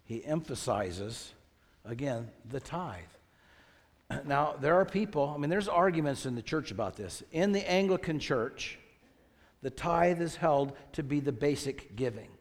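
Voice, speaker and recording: A man's voice: a little high, expressive, unhurried, big-room sound. A man preaching a sermon as pastor, reading scripture aloud with rising emphasis and asking the congregation questions.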